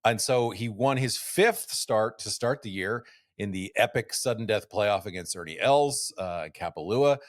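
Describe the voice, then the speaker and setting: A man in his forties co-hosting a podcast, telling stories in relaxed casual chat with many fillers. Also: lowish voice, unhurried, dry recording, studio quality. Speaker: podcast co-host.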